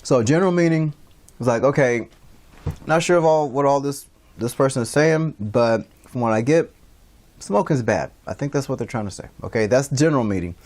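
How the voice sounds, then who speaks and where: An instructor teaches a casual livestreamed class, rambling along with many fillers and restarts. His voice is medium in pitch, brisk and darkish in tone.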